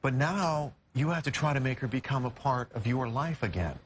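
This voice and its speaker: A male morning show host in a TV studio, a brisk, attentive interviewer asking a guest questions. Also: medium pitch, expressive, a little hiss or hum.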